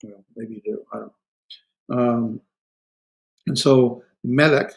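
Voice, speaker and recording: A man with a middle-pitched voice gives a recorded classroom lecture on grammar. His talk is loose and full of "uh" and self-corrections. He slows down sharply when he sounds out example words one syllable at a time. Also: vocal fry, poor audio. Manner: frequent fillers and self-corrections, explanatory. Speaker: Hebrew instructor.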